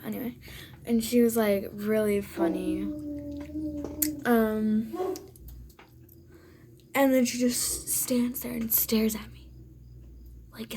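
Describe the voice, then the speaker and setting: A woman's voice: on the high side, background noise. A woman chatting casually in her room for a storytime vlog, rambling with lots of fillers and now and then slipping into a whisper. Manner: rambling, filler-heavy, sometimes dropping to a whisper. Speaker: vlogger.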